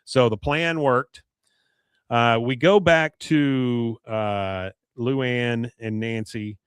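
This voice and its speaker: A man, a podcast co-host, recapping an episode in a rambling, casual way; his voice is going hoarse and he keeps clearing his throat. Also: mid-range voice, fairly even intonation, extremely slow, no echo.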